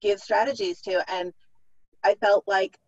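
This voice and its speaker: A woman's voice: medium pitch, flat delivery, a little slow, no room sound. Middle-aged woman guest, practical and explanatory, dull lo-fi dry audio. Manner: explanatory, practical, acts out parents' thoughts. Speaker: author and clinician guest. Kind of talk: podcast interview.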